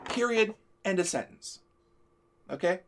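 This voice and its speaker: A man's voice: high-pitched, expressive, measured pace, a bit bright, a little hiss or hum. A man hosting a live stream, venting in a heated, profane, emphatic rant. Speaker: show host. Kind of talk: ranting live-stream chat.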